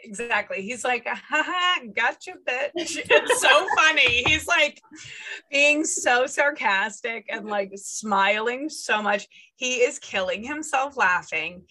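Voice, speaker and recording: A woman psychic medium chatting as a podcast guest, relaying a spirit's words in lively quoted bursts and laughing often. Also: medium pitch, poor audio. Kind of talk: casual podcast chat.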